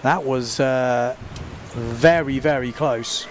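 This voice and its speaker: A man doing live sports commentary, excitable and talking fast over the action, recorded outdoors at a beach event. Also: medium pitch, slight background noise. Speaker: windsurfing commentator.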